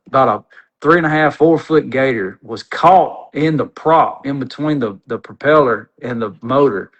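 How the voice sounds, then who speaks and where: A man, a podcast guest telling an animated, rambling, folksy story in casual conversation. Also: medium pitch, low-quality recording.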